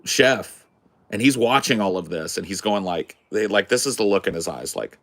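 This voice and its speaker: Profane storytelling man, lowish voice. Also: moderate pace. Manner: animated, profane, swears freely. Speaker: podcast host. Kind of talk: casual storytelling.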